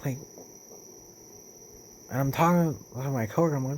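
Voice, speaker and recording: A young man talking in a casual vlog monologue, rambling with lots of fillers and swearing, getting animated as he retells stories. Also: fairly high pitch, normal speed, pauses often, a little hiss or hum. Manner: rambling, profane, with many fillers and restarts. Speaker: vlogger.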